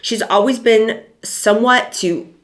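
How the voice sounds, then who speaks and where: A woman's voice: on the high side, a little slow. A middle-aged woman hosting a casual commentary vlog, talking in a chatty way with dry, sarcastic asides and plenty of fillers.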